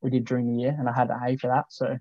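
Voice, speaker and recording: A young Australian man in his late teens, a junior footballer chatting casually as a guest, relaxed and full of ums and restarts. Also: medium pitch, rapid-fire, no echo. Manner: laid-back, many ums and restarts. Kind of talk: casual interview chat. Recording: dull lo-fi dry recording.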